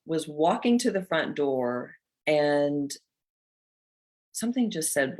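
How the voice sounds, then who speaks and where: A middle-aged woman from North Georgia, USA, hosts a motivational talk, sharing a personal story earnestly and from the heart. Her voice is low and sing-song, and she speaks without hurry.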